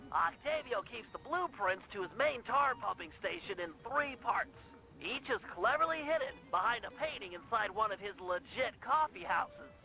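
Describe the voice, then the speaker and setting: A man's voice: high voice, expressive, moderate pace, sharp tone, heavily acted, low-quality recording. An actor voicing a brainy, nerdy male turtle planner in a game, briefing in a precise, fussy way. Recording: game audio with faint music.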